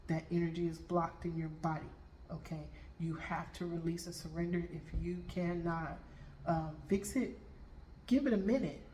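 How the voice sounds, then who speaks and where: A woman's voice: on the low side, darkish tone, a little hiss or hum. A middle-aged woman, a Reiki master and tarot reader, telling spiritual stories to viewers and checking in with "okay?" after nearly every point. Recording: roomy room with faint background ambience.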